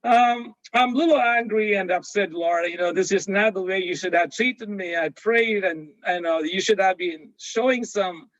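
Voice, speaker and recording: A man reading a sulking pastor at heaven's gate: high, upset, muffled. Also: moderate pace, hardly any pauses, fairly bright tone, dry recording. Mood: aggrieved. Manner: complaining, upset. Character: angry devout male pastor in heaven.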